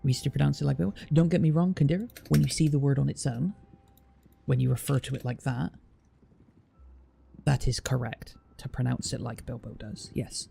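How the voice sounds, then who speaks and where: English male streamer, very gravelly and dark-toned, blunt and teasing, casual chat, faint music behind. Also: mid-range voice, fairly even intonation. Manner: chatty, blunt, teasing, drawn-out fillers.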